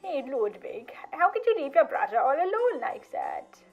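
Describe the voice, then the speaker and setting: Brief: woman as a whiny, teasing big brother, high and muffled. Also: normal speed, soft background music, lightly acted. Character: cocky drunk young man, teasing big brother.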